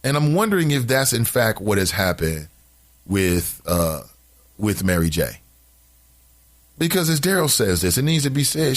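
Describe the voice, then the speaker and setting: Animated man hosting talk radio. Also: mid-range voice, normal speed, pauses often. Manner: animated, emphatic, preachy rants. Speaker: radio talk show host. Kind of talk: casual talk radio, reading listener comments.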